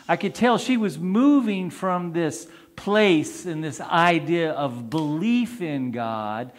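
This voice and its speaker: A male priest preaches a sermon, chatting with his congregation and asking them questions. His voice is slightly higher than most men's and moves a lot in pitch. He takes his time with each phrase. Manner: conversational, asks the congregation questions.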